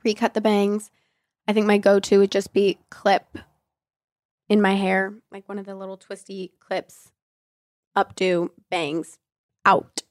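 A woman's voice: medium pitch, completely flat delivery, moderate pace, a little mellow, dry recording. Young woman, sick nasal voice, casual frank chatter, dry close sound. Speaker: podcast host. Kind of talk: casual Q&A chat.

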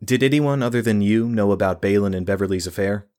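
A careful, deep-voiced investigator who questions gently and tentatively, read in the narrator's own voice. The delivery stays measured and low. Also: male voice, close to an everyday voice. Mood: probing. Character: careful, hesitant male investigator.

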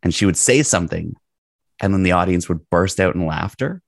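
Man around forty, very deep and gravelly, animated rambling storyteller, close dry recording. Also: fairly quick, dry recording. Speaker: guest. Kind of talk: storytelling in casual conversation.

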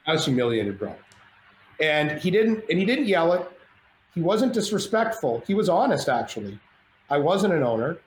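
A middle-aged man telling a story as a podcast guest, animated and self-mocking, acting out the dialogue. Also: on the high side, moderate pace, slight background noise. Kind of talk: storytelling in casual chat. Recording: roomy echo, faint ambience.

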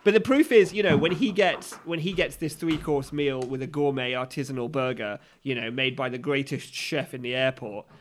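A man's voice: mid-range voice, normal speed, hardly any pauses, slight background noise. A man, co-hosting a comedy podcast, reasoning things through in a dry way. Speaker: podcast co-host. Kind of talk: casual comedic chat.

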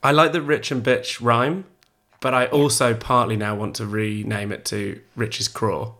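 A man's voice: mid-range voice, fairly even intonation, a little slow, sharp tone. A man co-hosting a podcast, chatting playfully and giggling as he banters. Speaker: podcast co-host. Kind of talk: casual chat.

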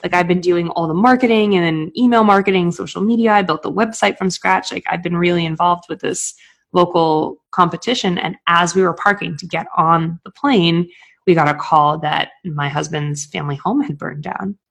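A woman's voice: fairly low pitch, moderate pace, vocal fry. A woman, chatting casually on a podcast, filling her talk with "like". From New England. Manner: chatty, full of "like" fillers. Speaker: podcast co-host.

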